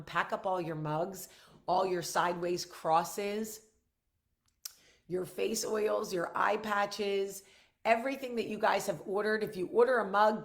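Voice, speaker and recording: A middle-aged woman hosting her own vlog, talking candidly to viewers, blunt and emphatic with frequent swearing, earnest and reassuring. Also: medium pitch. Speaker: vlog host.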